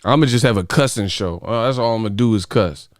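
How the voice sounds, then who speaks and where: A man hosts a boxing live stream, profane and joking. His voice is smooth and clear on a close, dry mic. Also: lowish voice, fairly quick, no echo. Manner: profane, laughing, animated rants. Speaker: boxing channel host. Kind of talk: casual live-stream chat.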